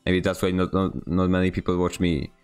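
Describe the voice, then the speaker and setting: A man's voice: deep voice, flat delivery, a little fast, darkish tone, clean tone, faint music behind. A man from Poland with a Polish accent, streaming a game and chatting with viewers in a rambling, self-deprecating way. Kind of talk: casual gameplay stream commentary.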